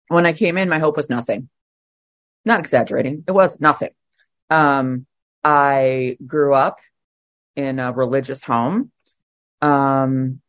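A middle-aged woman with a notably low voice gives a personal share at a twelve-step meeting. She speaks candidly and emotionally, pausing on fillers as she gathers her thoughts. The sound is close and dry, with no room echo. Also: a bit bright.

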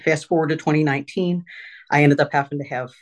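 A woman's voice: sits low, fairly even intonation. Candid middle-aged woman sharing her recovery. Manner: candid, halting, many fillers and restarts. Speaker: recovery meeting speaker. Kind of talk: personal recovery share at a support meeting. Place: her home office.

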